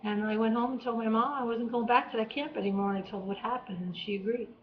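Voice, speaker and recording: A woman's voice: fairly high pitch, fast, slight background noise. A woman telling a personal faith testimony in an earnest, emotional way, acting out her own cries as she recalls them. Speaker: vlogger. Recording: dull lo-fi home recording.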